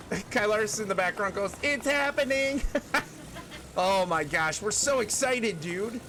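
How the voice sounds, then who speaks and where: A man streaming a video game, chatting playfully with viewers and singing snatches of songs. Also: high voice. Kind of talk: casual gameplay chat with chat readers. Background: game music.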